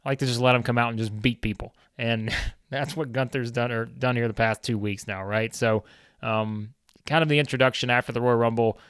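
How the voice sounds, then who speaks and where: A man's voice: medium pitch, steady tone, fairly quick, a bit bright, smooth, no echo, studio quality. A man hosting a gaming video, giving a chatty, casual recap of his game with lots of fillers.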